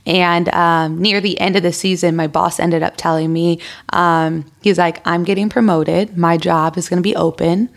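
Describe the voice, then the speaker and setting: Podcast guest: a woman in her thirties, slightly low-pitched, animated storyteller who acts out quotes. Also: moderate pace, creaky, hardly any pauses. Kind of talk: casual interview storytelling.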